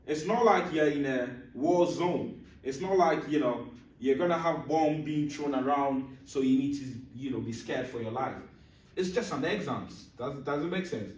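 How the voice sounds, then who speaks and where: A man teaches a class on handling exam nerves, his voice a little higher than most. He poses questions and answers them himself, repeating key points and checking that everyone follows. The sound is roomy and picked up from some distance, as if in a classroom. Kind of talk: classroom lesson on exam stress. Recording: roomy echo, mic at a distance.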